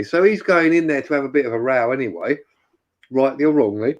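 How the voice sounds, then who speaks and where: A man's voice: mid-range voice, lively intonation, brisk, muffled recording. A man joking and swearing in a casual live-stream chat.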